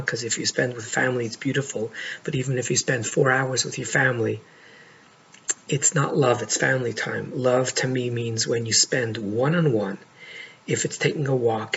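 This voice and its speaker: Middle-aged man, gravelly voice, earnest heartfelt coaching talk, dull lo-fi recording, faint hiss. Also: mid-range voice, a bit bright. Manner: earnest, heartfelt, pauses often to stress words. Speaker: life coach. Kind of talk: monologue to camera. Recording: dull lo-fi audio with faint noise.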